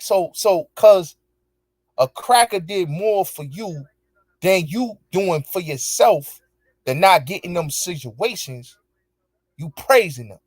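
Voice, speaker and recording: A man's voice: high-pitched, lively intonation, takes it slowly, no room sound, clean studio sound. A man hosting his show, angrily ranting back at viewers in heavy profanity, repeating his points with emphasis. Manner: angry, profane, repetitive, emphatic. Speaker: show host. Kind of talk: heated commentary rant answering viewers.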